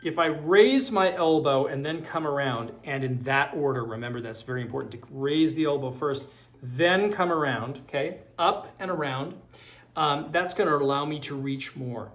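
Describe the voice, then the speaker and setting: A man's voice: fairly high pitch, normal speed, a bit bright. A man teaching a violin lesson, explaining technique with many fillers and counting rhythms aloud. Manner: counts beats and calls out rhythms while playing. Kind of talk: online music lesson. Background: violin playing.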